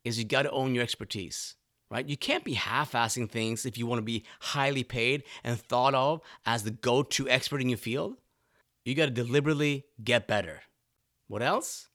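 Emphatic motivational man, lively pitch. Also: dry recording, clean studio sound. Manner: emphatic, punchy, with frequent "right?" tags. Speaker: motivational speaker and coach. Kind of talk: motivational talk to camera.

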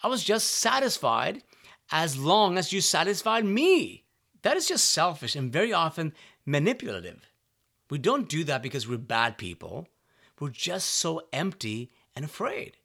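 A man's voice: fairly high pitch, very animated, measured pace, vocal fry, bright, forceful tone. A man giving a motivational talk to his listeners, earnest and direct, often checking in with "right?" and asking if they are following. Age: adult parent. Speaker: self-help speaker. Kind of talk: motivational monologue.

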